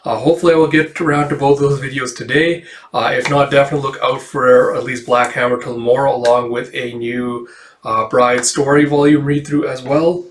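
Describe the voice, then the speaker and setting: A man's voice: medium pitch, steady tone, a little fast, slight background noise. A man casually hosting a manga read-through, rambling with many fillers and the odd swear. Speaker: host. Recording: echoey room.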